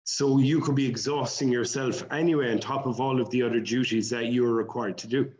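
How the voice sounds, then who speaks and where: A man's voice: medium pitch, steady tone, fairly quick, a little mellow. Man, roomy dull video call. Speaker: coach panelist. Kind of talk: calm discussion.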